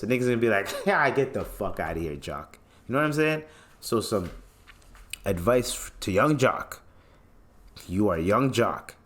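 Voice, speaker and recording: A man with a somewhat low-pitched voice hosts his own podcast. He rants casually, bluntly and mockingly, with plenty of profanity. His delivery is lively and conversational. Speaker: podcast host. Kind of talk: ranting casual commentary.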